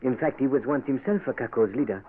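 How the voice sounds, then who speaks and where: A man's voice: mid-range voice, quick pace, close to an everyday voice. An actor playing a cynical, French-educated male doctor, suave and ironic, in a 1940s radio drama. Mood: sardonic. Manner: suave, ironic, keeps saying monsieur. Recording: tinny old radio broadcast with faint hiss.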